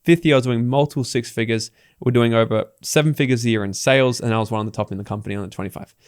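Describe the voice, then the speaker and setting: An Australian man guesting on a podcast, telling stories in a casual, animated way and acting out the people he quotes. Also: mid-range voice, racing, clear, resonant tone, dry recording, clean studio sound. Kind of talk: casual interview talk.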